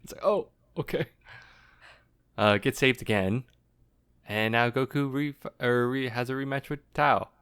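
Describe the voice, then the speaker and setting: A young adult man co-hosting a podcast in casual chat, relaxed and filler-heavy, often quoting his own reactions. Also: mid-range voice, moderate pace, smooth. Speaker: podcast co-host.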